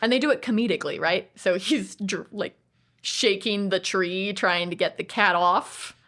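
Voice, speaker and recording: A woman's voice: mid-range voice, moderate pace, fairly bright tone. A woman co-hosting a podcast, chatting casually about movies in a digressive way and acting out other people's lines. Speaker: podcast co-host.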